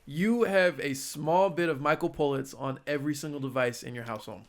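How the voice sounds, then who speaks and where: A male podcast host with a somewhat higher-pitched voice, speaking casually. He sums up a guest's story for listeners in a relaxed, friendly way, using short affirming remarks. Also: brisk. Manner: brief affirming interjections and a wrap-up for listeners. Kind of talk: casual interview.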